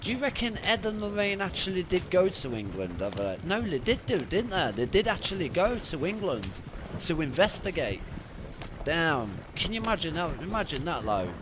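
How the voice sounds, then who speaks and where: A man's voice: sits high, sing-song, moderate pace. A young man chatting casually and rambling while live-streaming a video game, laughing and swearing freely. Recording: noisy gameplay audio behind.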